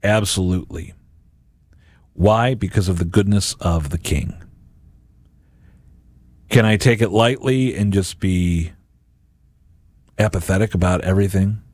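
A man's voice: low voice, measured pace, pauses often, no room sound, clean studio sound. A man hosting a Catholic radio and podcast show, giving a homily-like reflection and acting out imagined voices. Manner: animated, acts out imagined voices.

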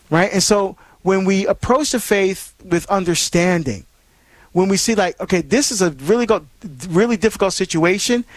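A man's voice: high voice, no echo. A man hosting a call-in radio show, preaching earnestly and rambling with many fillers and restarts.

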